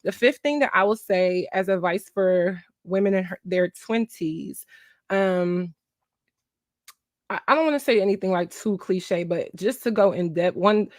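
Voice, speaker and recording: A woman's voice: medium pitch, a little slow, dry recording, clean studio sound. A woman in her twenties from Philadelphia chatting frankly to camera, giving advice with lots of "um" and "like". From Philadelphia, USA. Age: 20s. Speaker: vlogger. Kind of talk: casual advice chat.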